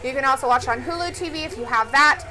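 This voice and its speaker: Bright high-voiced chatty woman co-host. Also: quick pace, low-quality recording. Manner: chatty, giggly, frequent laughs. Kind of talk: casual live-stream chat, reading viewer comments.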